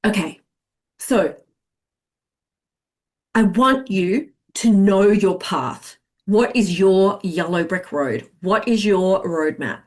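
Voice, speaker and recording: A woman sales coach teaching a masterclass in an expressive, chatty way, acting out what clients think. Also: medium pitch, slow pace, long pauses.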